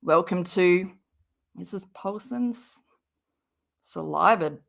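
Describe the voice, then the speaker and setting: A woman's voice: on the low side, slow pace, gravelly. A woman streaming a reaction to a clip, talking in sarcastic, exasperated commentary with some swearing while she has a cold. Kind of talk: angry commentary over a clip.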